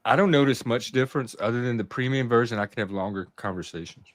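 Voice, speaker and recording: A man hosting a casual group chat, relaxed and talkative, prodding and joking with others. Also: mid-range voice, fast, no room sound, clean studio sound. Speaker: host.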